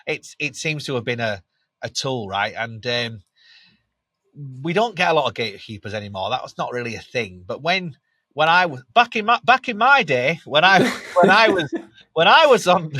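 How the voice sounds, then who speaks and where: A man with a Northern English accent and a slightly nasal voice, telling lively anecdotes as a podcast guest, often laughing and restarting. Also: a little high, dry recording. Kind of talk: candid storytelling in an interview.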